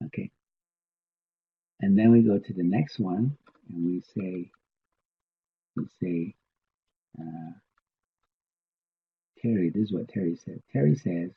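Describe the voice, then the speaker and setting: A man teaching a language class, speaking slowly and patiently and repeating words so students can drill them. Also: low voice, slightly rough. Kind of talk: classroom lesson. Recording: tinny phone-like sound.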